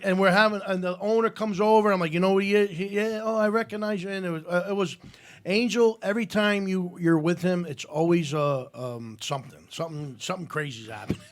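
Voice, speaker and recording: A man hosting a casual chat, rambling through an anecdote with halting fillers. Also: high voice. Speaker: host.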